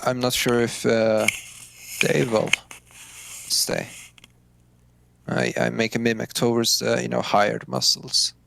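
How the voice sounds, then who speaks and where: A man playing a tabletop game, hesitant and halting, stopping to restart his sentences. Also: medium pitch, flat delivery, creaky, fairly bright tone, slight background noise. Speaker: player.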